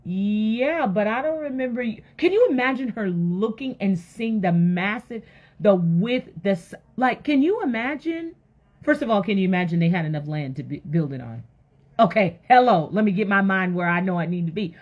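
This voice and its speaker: A woman giving an energetic motivational sermon, firing rhetorical questions and breaking into sudden loud exclamations. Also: mid-range voice, normal speed, dull audio. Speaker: motivational faith speaker.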